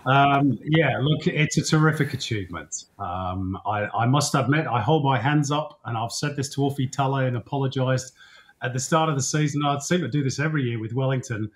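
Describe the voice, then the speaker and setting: Man, football commentator, casual interview chat, easygoing analysis, medium pitch. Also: brisk. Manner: relaxed, chatty analysis with frequent fillers.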